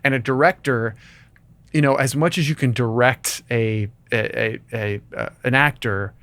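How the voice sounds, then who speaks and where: A man's voice: medium pitch, moderate pace, fairly bright tone, no echo. A man co-hosting a film podcast, chatting enthusiastically and rambling with frequent restarts. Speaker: podcast co-host. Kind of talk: casual chat.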